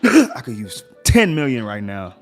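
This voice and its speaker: A man's voice: mid-range voice, wildly swooping pitch, unhurried, faint music behind. A man hosting a sports livestream, reading game scores in a casual rundown and reacting to each result with slang asides.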